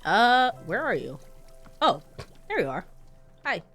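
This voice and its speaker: A woman's voice: mid-range voice, very animated, slow pace, fairly bright tone, faint music behind. A woman who is sick gives laid-back, casual commentary while playing a game, mumbling with fillers. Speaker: let's play streamer.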